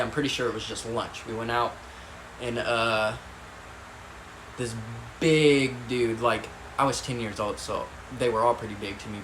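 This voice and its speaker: A man's voice: medium pitch, fairly bright tone. A man casually telling a story about his past, rambling with lots of fillers, swearing and laughing as he goes. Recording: echoey room with faint ambient noise.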